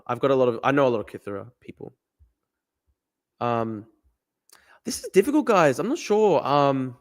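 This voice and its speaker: A man streaming a guessing game, thinking aloud, swearing and getting excited. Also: mid-range voice. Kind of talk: live-stream commentary while playing a guessing game.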